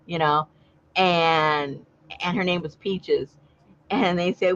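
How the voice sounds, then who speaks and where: A woman's voice: fairly low pitch, unhurried, fairly bright tone. A woman chatting casually on a livestream, telling stories and laughing often. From Southern California. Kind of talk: casual chat. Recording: dull lo-fi sound.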